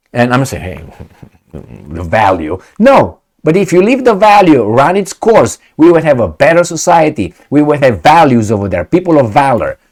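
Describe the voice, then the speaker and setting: Middle-aged male commentator, mocking rant, lively swinging pitch. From Romania. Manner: sarcastic, heated, mocking. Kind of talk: ranting video commentary.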